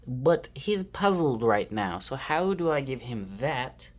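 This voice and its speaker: An artist drawing on camera gives casual, rambling commentary, thinking aloud to himself and poking fun at himself. He has a medium-pitched voice with big pitch swings and speaks slowly.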